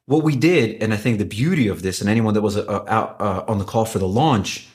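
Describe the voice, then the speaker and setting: A man who is a company executive, pitching his product in an animated, emphatic way with frequent restarts. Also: brisk. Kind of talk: conversational business pitch.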